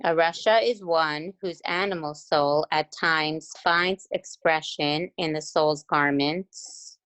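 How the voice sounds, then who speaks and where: A woman in a study class reading passages aloud in a steady, careful way. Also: deep voice, slow, smooth, low-quality recording.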